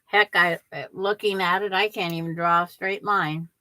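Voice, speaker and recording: A woman's voice: lowish voice, fairly even intonation, moderate pace, pushed and bright, dry recording. An older woman hosting a quilting livestream, chatting casually and rambling with viewers, often restarting her sentences.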